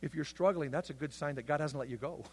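A male pastor preaching a sermon, swinging between loud, impassioned passages and hushed, intense ones. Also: a little high, fast, slightly rough. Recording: long hall reverb.

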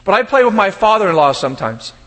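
A man preaching a sermon, telling lively humorous stories and acting out the people in them. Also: high voice, quick pace, big-room sound. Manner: animated storytelling, shouting in character. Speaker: pastor.

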